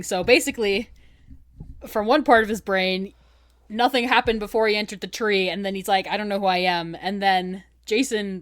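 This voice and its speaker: A woman's voice: medium pitch, a bit bright, no echo, clean studio sound. A woman co-hosting a podcast, retelling book chapters in a casual chat and laughing often. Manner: giggly, laughs often while retelling scenes. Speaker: podcast co-host.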